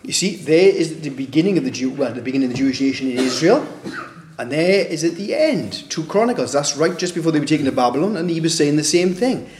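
A man's voice: a little high, expressive, fast talker, a little mellow, a little hiss or hum. A man preaching a sermon in a conversational way, asking rhetorical questions and acting out the voices he quotes. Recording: echoey room.

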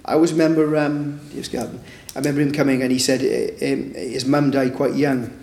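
A man's voice: medium pitch, little pitch movement, fairly quick, a little mellow, reverberant. A man preaching informally at a Bible study, talking conversationally and tagging points with rhetorical questions. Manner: conversational, with frequent "isn't it?" tag questions.

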